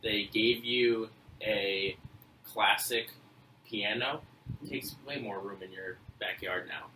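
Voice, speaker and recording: A man's voice: on the low side, takes it slowly, recorded from a distance. Rambling young man on a podcast, echoey room. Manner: rambling, animated, restarts often. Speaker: podcast co-host. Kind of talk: casual chat. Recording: echoey room, off-mic, faint noise.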